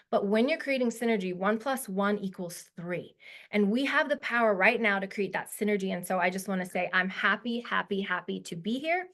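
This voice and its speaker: A woman's voice: mid-range voice, fairly bright tone. Woman in her 40s on a video call, guest speaker, chatty and emotional, lots of ums. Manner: emotional, heartfelt, chatty with many fillers. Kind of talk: casual presentation to a webinar audience.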